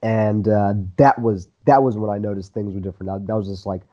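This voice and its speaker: A low-voiced man with a mellow, dark tone and a diluted South African Indian accent. He talks in a relaxed, rambling way, full of fillers and restarts. The audio sounds slightly muffled. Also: fairly quick. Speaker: guest, actor. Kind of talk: casual interview storytelling.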